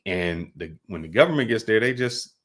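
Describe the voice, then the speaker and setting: Deep-voiced man hosting a podcast. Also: expressive, a bit bright. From United States. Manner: loose storyteller, drawn-out fillers and restarts. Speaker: podcast host. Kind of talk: casual podcast chat.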